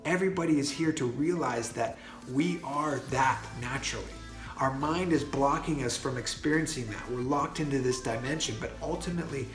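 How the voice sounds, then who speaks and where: A man telling a personal story in a casual monologue, earnest and full of fillers and restarts. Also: mid-range voice. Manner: earnest, many fillers and restarts, grows excited. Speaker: vlogger. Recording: roomy echo with faint music.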